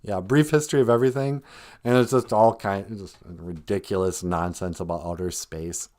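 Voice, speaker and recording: A man hosting a live comedy podcast, rambling through mock-earnest, deadpan satire. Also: low-pitched, moderate pace. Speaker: podcast host.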